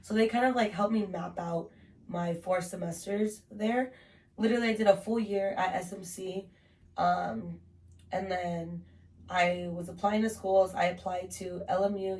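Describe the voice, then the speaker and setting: A woman's voice: on the low side, fairly even intonation, normal speed, a little mellow. Chatty young woman, slightly distant mic. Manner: chatty, heavy use of "like", swears casually. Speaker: podcast host telling her story. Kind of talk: casual podcast chat.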